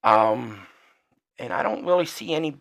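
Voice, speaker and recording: A man hosting his own podcast, speaking in a heated, profane and rambling rant, and he gets quieter as he signs off. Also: mid-range voice, animated, measured pace, creaky. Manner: trails off quieter when signing off. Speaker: podcast host. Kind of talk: solo opinion rant.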